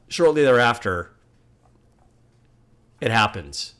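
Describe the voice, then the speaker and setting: A man hosting a music reaction video, talking in earnest, musing and at times getting heated and loud. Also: mid-range voice, lively intonation, slow pace, pauses often. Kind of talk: casual reaction commentary.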